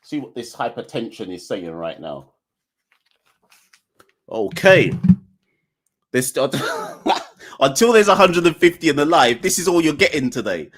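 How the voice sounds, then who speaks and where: Male podcast host, young adult, lively ranting delivery. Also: mid-range voice, husky. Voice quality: animated, defiant, joking ranting. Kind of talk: live call-in show chat.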